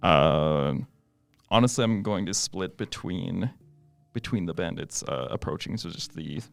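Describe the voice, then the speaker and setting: A man's voice: sits low, animated, measured pace, gravelly, faint music behind. A man playing a tabletop game, talking hesitantly with many fillers as he decides his moves. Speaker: player. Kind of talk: casual tabletop game play.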